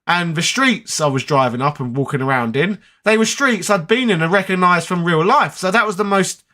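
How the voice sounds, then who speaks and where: A man's voice: sits high, lively intonation, brisk, pushed and bright. A man hosting a gaming channel, chatting casually and rambling as he answers viewer comments. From United Kingdom. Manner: chatty, rambling, with many fillers.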